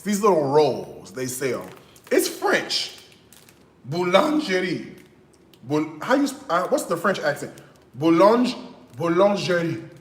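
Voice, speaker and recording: A man with a fairly high voice chats playfully about his grocery haul for his cooking channel, tagging his lines with "okay?" His voice bounces around an echoey room. A faint hiss sits under the recording. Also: fairly bright tone. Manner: chatty, playful, frequent "okay?" tags. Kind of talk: casual grocery haul chat.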